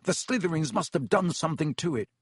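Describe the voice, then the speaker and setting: A hot-tempered teenage boy athlete speaks up indignantly, as a man puts him on. His voice is pitched a little high with a husky edge. The recording is dry and close. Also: expressive, quick pace, no echo. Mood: angry. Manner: indignant, raised voice.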